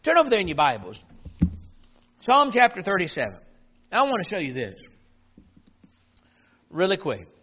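A man's voice: a little high, wildly swooping pitch, fairly quick, long pauses, husky, muffled recording. A man preaching a sermon to his congregation, earnest and rising to emphatic declarations.

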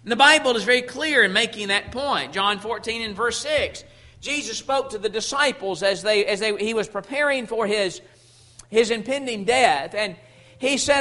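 A man preaching a sermon, emphatic, slowing down when quoting Scripture and often repeating words as he restarts. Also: extremely high pitch, pushed and bright.

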